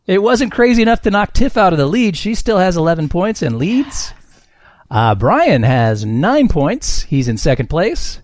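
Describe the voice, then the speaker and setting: A man's voice: high voice, sing-song, moderate pace, darkish tone, no echo. A man hosting a comedy quiz game on a podcast, reading scores and answers with a wry, self-mocking manner.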